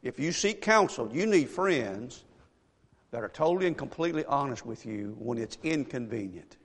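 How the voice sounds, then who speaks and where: Animated gravelly preacher in an echoey hall. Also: male voice, medium pitch, moderate pace. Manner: animated storytelling, rhetorical questions to the congregation. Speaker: pastor. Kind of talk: sermon.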